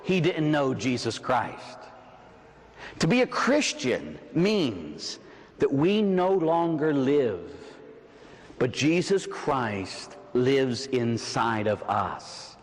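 A priest from Pittsburgh with a Pittsburgh accent, preaching an evening sermon with personal stories. He slows and sinks low for emphasis, and tags his points with "huh?" and "right?". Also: sing-song, big-room sound. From Pittsburgh, USA. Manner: slows and drops low for emphasis, then rises.

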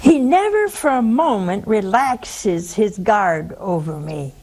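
Slow-speaking woman preacher. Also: medium pitch, animated, darkish tone. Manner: conversational storytelling with rhetorical questions. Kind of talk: sermon.

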